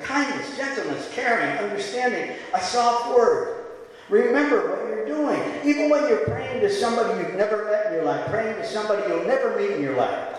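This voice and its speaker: Man, pastor, sermon, high voice, impassioned, quiet then shouting, long church reverb. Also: animated, moderate pace. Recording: echoey hall.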